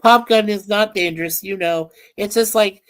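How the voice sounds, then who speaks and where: A woman's voice: medium pitch, moderate pace, fairly bright tone. A woman hosting a casual livestream chat, rambling and reading viewer comments aloud. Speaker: livestream host.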